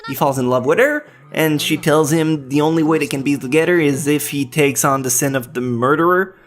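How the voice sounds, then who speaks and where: A man's voice: a little high, brisk. A man with a French accent hosting a countdown list in a cheeky, joking way, with some swearing. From France. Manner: cheeky, swears, teasing jokes. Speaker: anime list host. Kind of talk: scripted countdown commentary.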